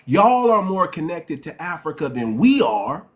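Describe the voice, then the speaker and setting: A man with a New York accent hosts a heated live-stream debate. His voice sits high for a man, and he lectures emphatically and repeats his points. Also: very animated, unhurried. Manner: emphatic, repetitive, lecturing, keeps saying ma'am.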